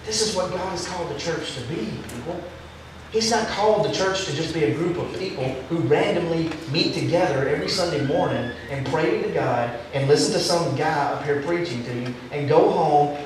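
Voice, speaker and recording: A man preaching a sermon in a church, telling a story with a joking twist. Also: fairly high pitch. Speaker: pastor. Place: church sanctuary. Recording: echoey and distant, faint room noise.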